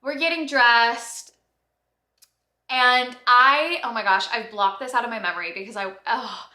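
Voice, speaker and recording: A young woman in her twenties telling a story to her vlog viewers, animated and chatty, full of "like" and quick rushes of excitement. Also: on the high side. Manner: animated, breathless storytelling with lots of "like". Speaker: vlogger. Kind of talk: casual storytelling. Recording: echoey room.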